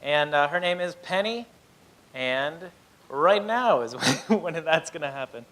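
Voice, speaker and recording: A man's voice: fairly high pitch, expressive, measured pace, a bit bright. Casual male open mic host. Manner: casual, chuckling, hesitant fillers. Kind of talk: introducing acts. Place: small comedy club stage. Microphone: handheld stage mic.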